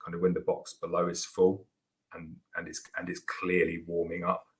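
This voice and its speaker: A man's voice: deep voice, monotone, moderate pace, low-quality recording. A man hosting a casual live question-and-answer show, chatty and rambling with lots of restarts and fillers. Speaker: beekeeper host answering viewer questions.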